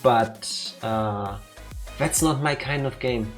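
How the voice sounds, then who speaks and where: A woman with a Danish accent co-hosts a let's play, chatting casually over the gameplay in a playful, teasing way with theatrical asides. Her voice is extremely low and she takes things slowly, with faint music in the background.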